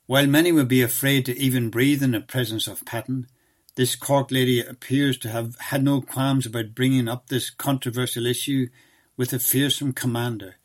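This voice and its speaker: A man reads documentary narration from a script. His delivery is measured and even, and his voice sits at an ordinary middle pitch for a man.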